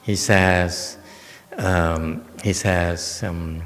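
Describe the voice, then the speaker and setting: A man, a Buddhist monk giving a slow, joking dharma lecture with many fillers and teasing asides. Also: on the low side, expressive, fairly bright tone. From United States. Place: temple lecture hall. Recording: long hall reverb.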